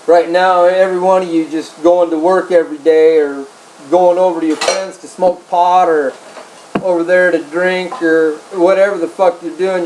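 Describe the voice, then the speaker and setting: A video blogger rants angrily and profanely to camera about politics, repeating himself as he urges people on. His voice is high and a little mellow, and the poor audio carries a little hiss or hum.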